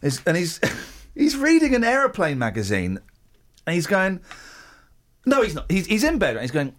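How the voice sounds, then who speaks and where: A man's voice: high-pitched, wildly swooping pitch, normal speed. Rambling, jokey male radio host. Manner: rambling, jokey, stumbles and restarts. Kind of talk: casual radio banter.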